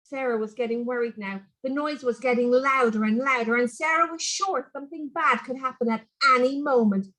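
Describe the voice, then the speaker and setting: A woman reading a children's story aloud in an expressive, animated way. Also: high voice, brisk, few pauses, rough recording.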